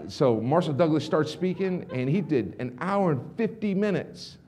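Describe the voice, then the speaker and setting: A middle-aged man on a conference stage, telling an energetic keynote story to a business audience and acting out the dialogue. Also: fairly high pitch, moderate pace, slight background noise. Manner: animated, acts out dialogue with restarts and asides. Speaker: motivational speaker presenting to a business audience.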